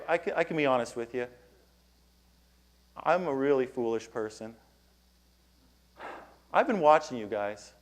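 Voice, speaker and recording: Animated male keynote storyteller. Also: mid-range voice. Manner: animated, acts out his own past lines in a raised voice. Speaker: keynote speaker. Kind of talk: storytelling conference talk. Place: conference hall before an audience.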